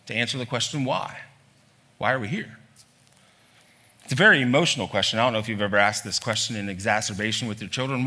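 A male pastor in a church hall preaches with lively energy, firing off rhetorical questions one after another. On emphatic lines he pushes his voice up high.

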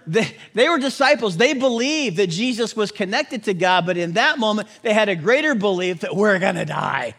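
A man preaching a sermon, animated, swinging between loud emphasis and hushed drops. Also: high voice, moderate pace, hardly any pauses. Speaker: pastor.

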